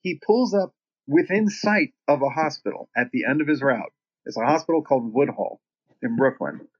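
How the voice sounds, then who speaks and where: Husky man telling a profane story. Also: medium pitch, normal speed, highs cut off. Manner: profane, animated storytelling with quoted voices. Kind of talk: casual anecdote.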